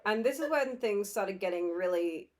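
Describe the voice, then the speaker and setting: A woman's voice: medium pitch, moderate pace, slight background noise. Casual young woman telling a story. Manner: animated storytelling, acts out quoted people. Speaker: podcast co-host.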